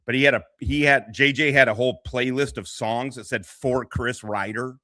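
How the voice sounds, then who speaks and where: Crude rambling man with a bright, dry voice. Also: medium pitch, fairly even intonation, moderate pace, no echo. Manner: rambling, crude, laughing often. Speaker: commentary streamer. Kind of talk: profane reaction commentary.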